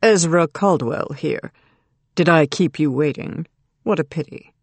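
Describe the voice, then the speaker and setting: An audiobook narrator voicing a mocking, cold male kidnapper who speaks with soft menace, in a dry close recording. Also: mid-range voice, a little slow, dry recording. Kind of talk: audiobook character reading.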